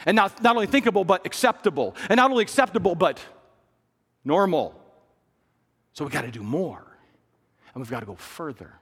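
Male pastor, sermon delivery, fairly high voice, dynamic swings from hushed to loud, recorded in a big reverberant church hall. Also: expressive, a little fast, pauses often, slightly rough. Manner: dynamic preaching, swinging between hushed low lines and loud raised bursts.

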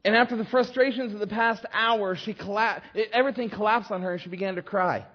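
A man preaching a sermon, telling a story in an animated way with frequent restarts. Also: high-pitched, quick pace. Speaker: pastor. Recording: slightly dull lo-fi recording.

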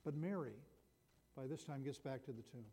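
A man's voice: medium pitch, normal speed, mellow, breathy edge. A man preaching a sermon that retells a Bible story, talking in a conversational way with frequent restarts. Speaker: pastor. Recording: long hall reverb.

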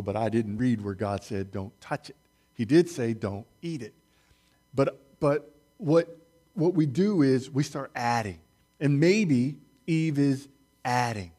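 A man preaching a sermon, speaking slowly and deliberately, stressing key words and putting questions to his listeners. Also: on the high side, a little mellow.

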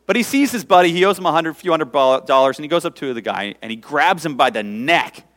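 A man preaching a sermon, telling a story in an animated, conversational way in a church hall. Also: fairly high pitch, fast talker. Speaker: pastor. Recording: echoey hall reverb.

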